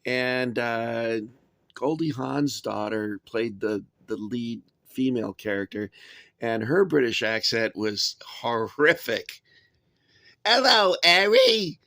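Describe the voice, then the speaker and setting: Brief: male collector, mid-pitched, rambling hobby review full of fillers, recorded in a dry, dead space. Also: takes it slowly, gravelly, a bit bright, dry recording. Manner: rambling, chatty, frequent uh and um, dry asides. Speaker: toy soldier collector reviewing figures. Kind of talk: casual show-and-tell review.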